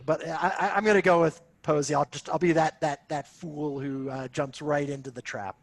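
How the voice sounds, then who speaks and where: A man co-hosting a laid-back sports podcast, his voice slightly high. He tells playful anecdotes in a chatty way. The recording is dry and close. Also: fairly even intonation, normal speed, vocal fry, no echo. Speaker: podcast co-host. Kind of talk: casual chat.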